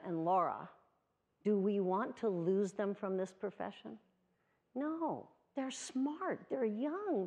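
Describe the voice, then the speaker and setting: A woman's voice: mid-range voice, gravelly, darkish tone. A woman in her sixties from the USA, giving an earnest prepared award speech and telling a personal story. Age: 60s. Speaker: award speaker.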